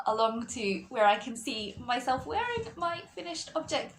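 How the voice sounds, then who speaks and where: A woman's voice: on the high side, slight background noise, poor audio. A woman hosting a knitting podcast, chatting casually to camera from a room at home in a rambling, digressive way.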